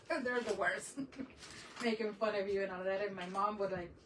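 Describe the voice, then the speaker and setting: A woman's voice: mid-range voice, steady tone, measured pace, a bit bright, far from the mic, slight background noise, low-quality recording. A woman hosting a live craft stream, chatting casually with viewers and laughing often as she works. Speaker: craft livestream host.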